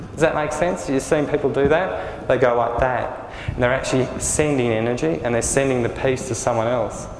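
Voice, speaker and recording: A man giving a spiritual workshop talk to a small group, speaking gently and often checking whether his listeners follow. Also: mid-range voice, reverberant, long reverb tail, slight background noise, rough recording. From Australia. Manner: gentle, often asks the audience if it makes sense. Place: room with a live group.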